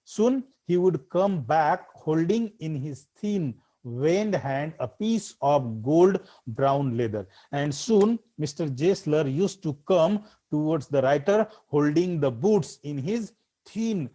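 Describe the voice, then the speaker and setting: A man's voice: a little high, animated, slow pace, warm tone. A man, teaching an English literature class and explaining a story line by line, with frequent fillers. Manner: reads the text aloud, then explains it line by line with frequent fillers.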